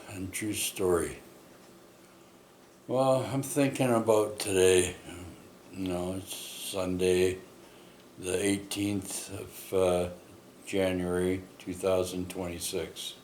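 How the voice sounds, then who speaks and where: A man with a very low voice tells a personal story at an unhurried pace. He rambles, restarts often and keeps tagging his sentences with questions. He is recorded in an echoey room with faint ambient noise behind him. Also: darkish tone. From Canada. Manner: rambling, many fillers and tag questions.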